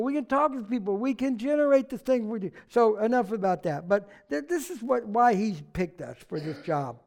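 A preacher from the United States giving a sermon, conversational and animated, with jokes and asides. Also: medium pitch. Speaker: pastor.

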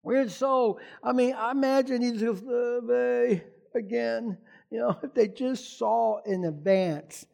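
A man preaching a sermon as pastor, animated, often asking the congregation questions. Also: extremely high pitch, unhurried, vocal fry, few pauses.

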